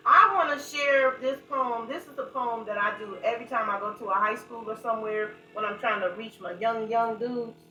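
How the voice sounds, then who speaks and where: A middle-aged woman, a guest author, telling stories with lots of laughter and then reading her own poem in a low, intense voice. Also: normal speed. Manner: animated, laughing storyteller, drops to a low intense voice for poetry. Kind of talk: storytelling and poetry reading. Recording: echoey room, voice from a distance.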